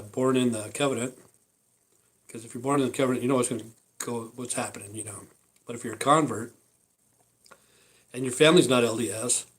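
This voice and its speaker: A man chatting on a home live stream, rambling from one thought to the next. His talk is loose and full of "you know" and "uh" as he eats. His voice sits at an ordinary middle pitch. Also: rough recording. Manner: rambling, with many fillers and asides. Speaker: vlogger.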